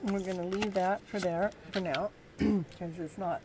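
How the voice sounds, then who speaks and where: Woman giving a gentle tarot reading. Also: lowish voice, steady tone, background noise. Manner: gentle, encouraging, halting delivery. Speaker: tarot reader and show host. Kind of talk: live tarot reading to viewers.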